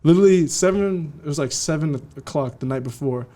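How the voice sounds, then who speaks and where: A young man from California, a DJ guest telling his story in a casual interview, slangy and animated, acting out what people said. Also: on the high side, brisk. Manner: slangy, animated, acts out quotes.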